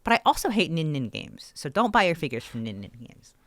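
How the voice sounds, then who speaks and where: A woman co-hosting a podcast, telling a story in an animated, ranting way with swearing, close to her microphone. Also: deep voice, a little fast, dry recording. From Canada. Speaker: podcast co-host. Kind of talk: casual podcast chat. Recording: dry close-mic sound.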